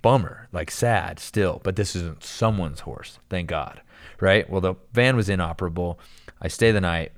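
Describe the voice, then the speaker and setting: A man telling a long story in casual chat, animated and rambling, full of "dude" and "like". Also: sits low, normal speed.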